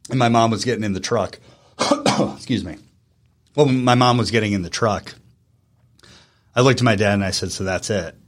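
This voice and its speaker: A man in his thirties from Virginia, a guest telling an emotional personal story in an earnest, halting way with frequent restarts. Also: fairly low pitch, a bit bright. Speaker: interview guest.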